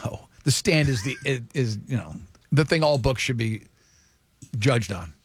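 A man in his forties hosting a morning radio show, rambling and excitable in casual banter. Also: medium pitch, a little slow, husky.

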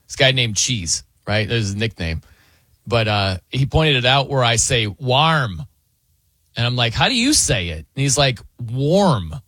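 A radio host riffs casually with his co-host, laughing often and slipping into impressions of other people's pronunciations. His voice is bright, and his pitch swings widely. The studio sound is dry and close. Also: sing-song, moderate pace, no echo.

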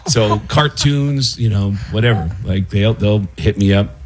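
A man, a comedian known for voices, chatting as a guest and telling animated stories about his work. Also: lowish voice, measured pace, a little hiss or hum. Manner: animated storyteller who slips into impressions. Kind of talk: casual radio interview chat.

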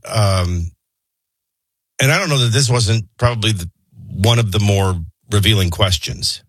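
A lower-pitched man with a husky edge hosts a morning radio show. He talks through the headlines in a conversational, opinionated way and throws in sarcastic asides. The studio sound is close and dry. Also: fairly bright tone, no echo. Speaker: radio talk show host. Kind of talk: morning radio talk and news rundown. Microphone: studio microphone.

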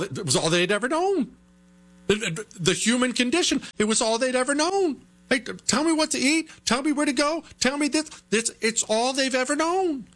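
An American man hosting an opinionated political talk show, animated and rhetorical, with mocking asides. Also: sits high.

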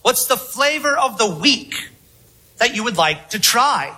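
Bright, husky-voiced male preacher. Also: very high voice, sing-song, poor audio. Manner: measured, emphatic preaching with rhetorical questions. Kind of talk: sermon.

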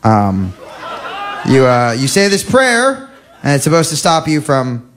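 A man performs stand-up on a club stage, his pitch slightly high and swinging widely as he slips into mock-preachy impressions. Audience laughter breaks in now and then. A faint hiss of noise sits behind him. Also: wildly swooping pitch, measured pace. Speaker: stand-up comedian. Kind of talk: stand-up comedy set.

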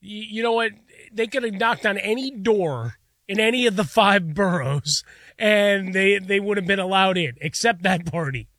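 A man with a high, bright voice who co-hosts a casual sports talk show. He trades teasing wisecracks with the others. The sound is dry and close. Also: normal speed, dry recording. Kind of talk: casual sports radio banter.

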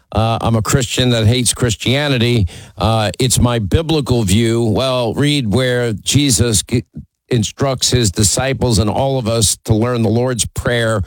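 A man's voice: mid-range voice, dry recording, rough recording. A man hosting a call-in talk radio show, speaking emphatically and teasing callers.

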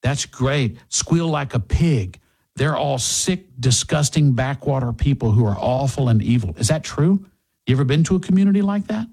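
Talk radio host, male, husky, fired-up, mocking rhetorical questions. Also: mid-range voice, expressive, moderate pace, darkish tone. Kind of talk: political talk radio monologue.

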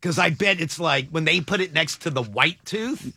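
A man's voice: on the high side, lively intonation, moderate pace, gravelly, bright, forceful tone, dry recording, studio quality. A man hosting a morning radio show, chatting casually and joking with rambling asides.

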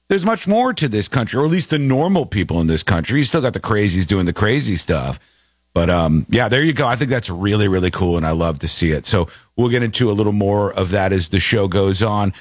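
A man hosting a talk show, giving animated, opinionated commentary and laughing easily. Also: fairly low pitch, fairly quick, dry recording, clean studio sound. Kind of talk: casual commentary.

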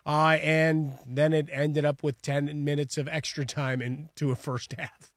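A man's voice: fairly high pitch, level tone, a little slow, dry recording, studio quality. A man co-hosting sports radio, analyzing a refereeing decision with many hesitations.

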